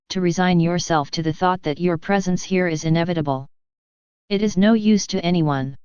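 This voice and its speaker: A woman reading the part of a mild male hospital doctor who speaks gently and calmly reasons. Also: lowish voice, clear, resonant tone, dry recording, close to an everyday voice. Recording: dull dry studio audio.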